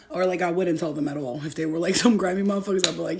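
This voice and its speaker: A woman's voice: lowish voice, racing, vocal fry, hardly any pauses, slight background noise. A young woman vlogger telling a story in a blunt, profane way and laughing often. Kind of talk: storytime vlog.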